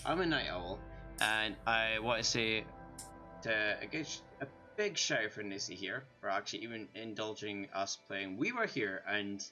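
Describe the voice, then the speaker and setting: A chatty Scottish man on a gaming stream, a little tipsy and rambling along with plenty of self-mockery. His voice has a bright, forward edge. Faint game music plays behind him. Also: lowish voice. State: tipsy from drinking. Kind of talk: casual gaming stream chat.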